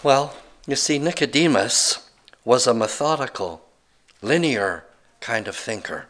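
A man's voice: a little high, bright, forceful tone. A man preaching a sermon, retelling a scripture story in a conversational way with wry asides.

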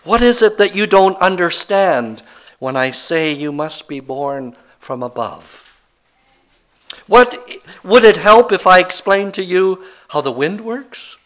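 Jesus as a slow, plain-spoken teacher, a bit fed up, a preacher doing him in a sermon. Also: male voice, high-pitched, expressive, fairly bright tone, exaggerated voice. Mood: exasperated. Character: Jesus, a patient but exasperated male teacher.

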